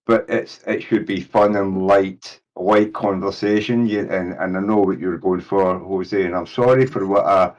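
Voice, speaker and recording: A man's voice: sits low, steady tone, unhurried, hardly any pauses, a little mellow, lo-fi sound. A man in his sixties chatting on a group call, rambling and often repeating filler phrases. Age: 60s. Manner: rambling, repeats "you know what I mean". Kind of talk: casual group call chat.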